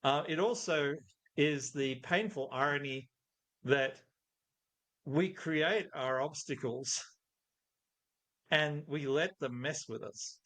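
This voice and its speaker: Middle-aged man, slightly high pitch, reflective, anecdotal interview guest. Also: takes it slowly, pauses often, fairly bright tone. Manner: thoughtful, anecdotal storytelling. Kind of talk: conversational interview.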